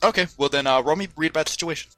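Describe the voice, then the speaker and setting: A man narrates a tabletop game as its game master, wandering through his descriptions and correcting himself as he goes. His voice is bright and forward, recorded dry and close over a desk mic. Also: fairly high pitch, very fast, no room sound, soft background music. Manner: rambling, self-correcting, filler-heavy. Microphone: headphones and desk mic.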